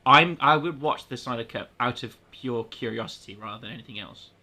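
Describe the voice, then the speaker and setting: A man speaking as a podcast guest in casual film chat, measured and correcting himself as he goes. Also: medium pitch, bright, forceful tone, a little hiss or hum.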